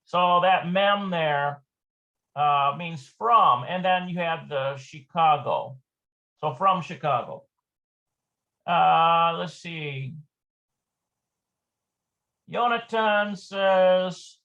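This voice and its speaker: Brief: high-pitched male teacher, informal lesson, thinks aloud, muffled lo-fi audio. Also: takes it slowly, long pauses, sharp tone. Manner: thinks aloud while explaining. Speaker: Hebrew teacher. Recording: dull lo-fi recording.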